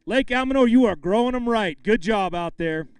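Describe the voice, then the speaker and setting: A man's voice: high-pitched, lively intonation, normal speed, smooth, no echo. A man emceeing a live fishing tournament weigh-in, bantering with anglers and calling out the weights with bursts of hype.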